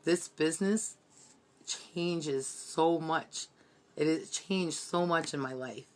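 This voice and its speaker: A woman's voice: deep voice, slow pace. A woman giving an earnest, heartfelt motivational team training from her bedroom. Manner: earnest, heartfelt, repetitive pep-talk.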